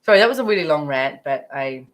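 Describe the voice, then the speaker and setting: A woman's voice: low voice, expressive, quick pace, rough recording. A middle-aged woman casually telling a personal story about money, chatty and rambling with lots of fillers. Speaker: speaker sharing her money journey.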